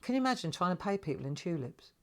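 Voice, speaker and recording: A woman's voice: fairly low pitch, very animated, quick pace. A woman in her sixties with a South London accent, chatting and laughing as host of a live craft stream, often tagging her sentences with "right?". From England. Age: 60s. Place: home craft room.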